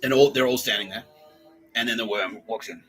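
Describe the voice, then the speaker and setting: Low, bright-voiced rambling man. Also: faint music behind, poor audio. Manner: rambling, profane, acts out scenes in quick voices. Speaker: podcast host. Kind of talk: comedic monologue.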